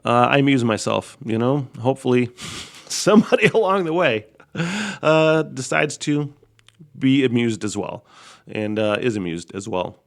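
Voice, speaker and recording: A man's voice: medium pitch, lively intonation, measured pace, vocal fry. Profane rambling man hosting a podcast. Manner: profane, rambling, laughs often, swings loud to quiet. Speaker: podcast host. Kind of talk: casual solo podcast monologue.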